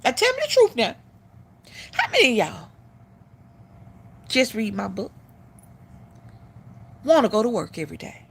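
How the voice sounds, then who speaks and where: A woman's voice: on the high side, wildly swooping pitch, a little slow, long pauses, slightly rough. A middle-aged woman hosting a live stream, giving blunt, profane opinions in casual talk.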